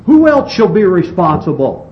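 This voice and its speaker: A man preaching a sermon, reading scripture and expounding it with slow, emphatic delivery and some restarts. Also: sits high, very animated. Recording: dull lo-fi recording with faint hiss.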